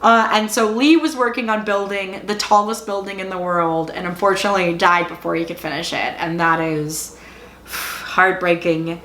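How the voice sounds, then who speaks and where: In an echoey room, a woman with a fairly low, slightly bright voice talks at a normal pace with fairly even intonation. She's a TV show reviewer casually recapping a series, chatty and sprinkling in "like" constantly, exclaiming because she's clearly invested in the story.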